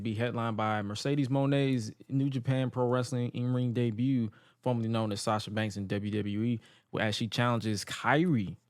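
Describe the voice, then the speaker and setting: A man's voice: mid-range voice, no echo, studio quality. A man co-hosting a podcast, chatting casually about wrestling, loose and rambling, tripping over names. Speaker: podcast co-host.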